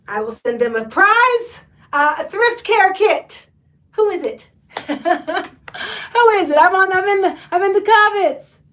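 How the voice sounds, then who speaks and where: A woman, hosting a casual thrift haul livestream, animated and chatty, calling viewers honey. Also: high-pitched, distant mic.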